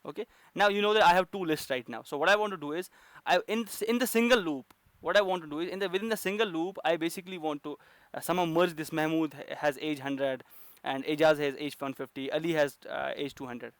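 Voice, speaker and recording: Man, programming instructor, fairly high voice, hesitant step-by-step explaining, dry recording. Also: fast, few pauses, a bit bright, no room sound. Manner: explains step by step with many fillers and restarts. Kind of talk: recorded coding lesson.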